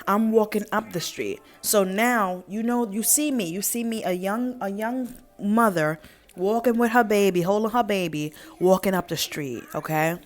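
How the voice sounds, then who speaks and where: A young woman telling an emphatic, profane story on her vlog. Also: medium pitch. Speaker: vlogger.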